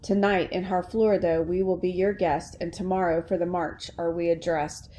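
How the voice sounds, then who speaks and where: A woman reading the lines of a commanding English king in measured, formal verse. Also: lowish voice, little pitch movement, mellow, slight background noise, lightly acted.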